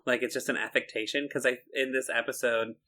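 A man's voice: mid-range voice, little pitch movement, brisk, pushed and bright. A man co-hosting a podcast, chatting casually about a cartoon and laughing often. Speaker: podcast co-host. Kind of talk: casual chat reviewing a cartoon.

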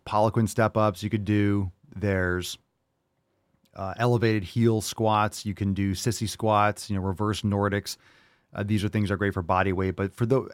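A man hosting a fitness podcast, talking casually in a brash, jokey way, swearing freely with bursts of loud enthusiasm. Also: fairly low pitch, dry recording, studio quality. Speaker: podcast host answering listener questions.

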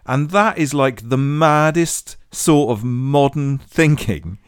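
A man's voice: mid-range voice, expressive, takes it slowly, clean tone, no echo, studio quality. Ranting, swearing man. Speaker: podcast co-host. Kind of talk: casual comedic chat.

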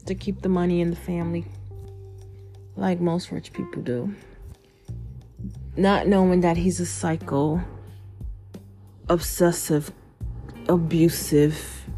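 A chatty woman hosts a casual book podcast. She rambles through recommendations full of fillers and spells out names letter by letter. Her tone is dark and mellow, her voice is worn dry, and faint music plays underneath. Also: on the low side, flat delivery, takes it slowly, pauses often. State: losing her voice, dry throat. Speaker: podcast host.

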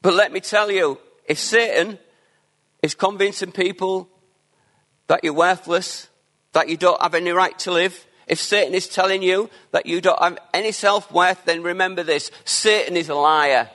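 A man preaching a sermon, earnest and emphatic, with quieter asides between his declarations. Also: sits high, fairly even intonation, normal speed.

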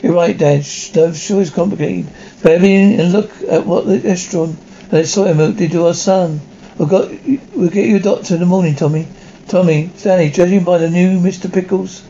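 Guy doing all the cartoon voices himself, kinda high and mellow, muffled lo-fi audio. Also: steady tone, vocal fry, slight background noise. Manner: switches rapidly between character voices and sound effects. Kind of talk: one-man comic voice acting of many characters.

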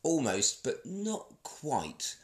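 A man's voice: medium pitch, wildly swooping pitch, drawn-out words, roomy sound. A man from Essex with a posh-sounding English accent, chatting casually as a podcast co-host, with frequent restarts and laughs. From Essex, England. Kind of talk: casual chat.

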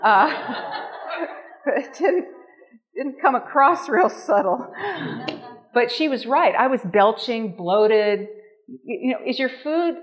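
A woman teaching a nutrition and cooking class to a small group, gushing and enthusiastic as she demonstrates. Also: on the high side. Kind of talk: live cooking demonstration talk.

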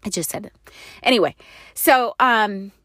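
A woman's voice: mid-range voice, a little slow, fairly bright tone, dry recording, clean studio sound. A woman sharing a personal story in a candid, rambling way, often laughing, with frequent fillers and self-corrections.

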